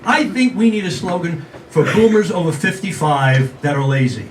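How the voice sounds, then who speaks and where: At normal speed and with a slightly high voice, a sixty-something comic performs a conversational, self-mocking routine aimed right at his live audience. There's slight background noise, and the recording sounds roomy and distant, with crowd ambience audible.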